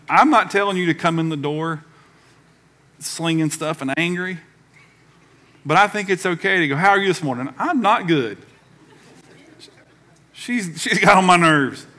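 A middle-aged man, preaching a sermon in a church in a lively, conversational way that acts out the voices he quotes. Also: a little high. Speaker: pastor. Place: church sanctuary.

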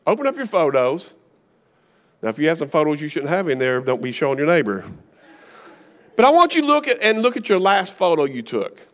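A man's voice: a little high, very animated, a little fast, long pauses. A middle-aged man with a Kentucky accent, preaching a sermon as a guest speaker in a folksy, joking storytelling manner.

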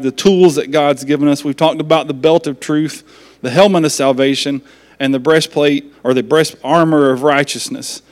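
A man pastor, preaching a sermon in a folksy, joking manner. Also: on the high side.

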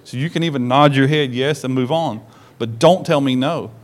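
A man preaching a sermon to a congregation in a church service. He is an animated storyteller who acts out the lines he quotes and asks the congregation direct questions. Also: mid-range voice, normal speed. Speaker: pastor.

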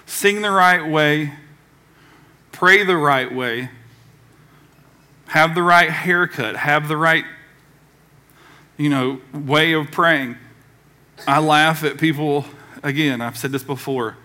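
A man's voice: on the high side, slow pace, pauses often, pushed and bright. A man from the American South preaching a conversational sermon as pastor, acting out quoted voices along the way.

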